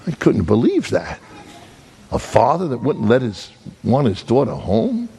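Animated male preacher telling a story. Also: medium pitch, unhurried, gravelly. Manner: animated, acts out sounds and voices, jokes with the congregation. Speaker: evangelist preacher. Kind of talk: storytelling sermon.

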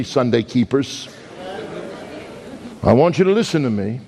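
A man with a Brooklyn accent preaching a sermon, emphatic, swinging between high loud peaks and slow low words. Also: sing-song, gravelly. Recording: long hall reverb.

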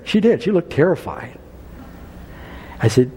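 A middle-aged male pastor preaching a sermon, telling a personal story with lively swings in pitch and building to an appeal. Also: normal speed, long pauses, a little hiss or hum. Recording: long hall reverb.

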